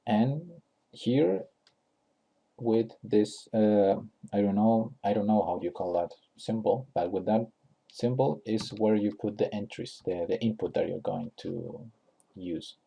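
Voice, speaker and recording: Slow, gravelly-voiced man explaining software. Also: on the low side. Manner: unscripted, many fillers and restarts, thinking aloud. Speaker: tutorial host. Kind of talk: screen-recorded software tutorial.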